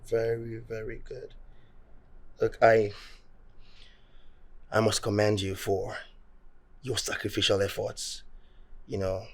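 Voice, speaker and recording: An actor with a Nigerian accent playing a wealthy boss who is later paralyzed and pleads weakly for help. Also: male voice, lowish voice, vocal fry, husky, exaggerated voice. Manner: measured praise, then weak pleading. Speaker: company owner, later bedridden patient. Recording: film soundtrack with faint music.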